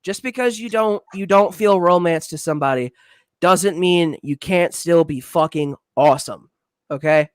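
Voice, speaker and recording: A man as a guest on a livestream, talking earnestly and haltingly, close to tears, swearing freely. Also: fairly high pitch, clean tone, no room sound. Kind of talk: emotional livestream chat.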